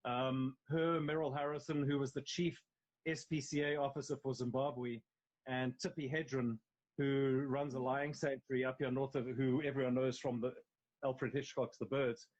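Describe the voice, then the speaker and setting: On a live video call from his home, a male actor with a South African accent talks casually as an interview guest, his medium-pitched voice captured poorly by a phone live stream. His speech comes in emphatic, rambling stretches full of restarts.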